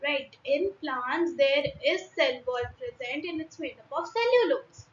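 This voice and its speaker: A woman's voice: high voice, expressive, unhurried, a little hiss or hum. A young woman with an Indian English accent teaching a biology class online, explaining diagrams with frequent fillers and restarts. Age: young adult. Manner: hesitant, many fillers and restarts. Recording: echoey room, dull lo-fi sound.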